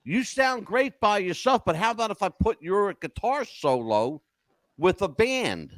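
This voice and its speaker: An older man hosting a podcast, telling animated stories in an emphatic way and checking in with "okay?" as he goes. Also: high voice, measured pace, no room sound. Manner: emphatic, keeps asking "okay?". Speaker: podcast host. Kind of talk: animated storytelling chat.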